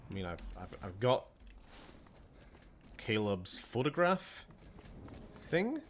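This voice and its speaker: A man's voice: fairly low pitch, big pitch swings, slow pace, a bit bright, slight background noise. A young Scottish man streaming a game, chatting casually, muttering to himself and swearing under his breath with a sarcastic edge. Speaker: gaming streamer. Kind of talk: casual gameplay commentary.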